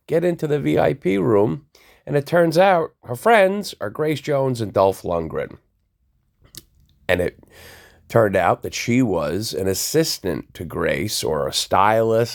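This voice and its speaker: A man tells his story in a low, gravelly voice. He talks casually and acts out the people he quotes. The pitch sits deep throughout. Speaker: DJ telling a personal story.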